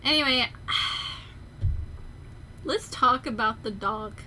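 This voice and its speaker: Chatty young woman streamer, bright voice. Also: fairly high pitch, drawn-out words, slight background noise. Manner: chatty, rambling, animated. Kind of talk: casual chat on a livestream.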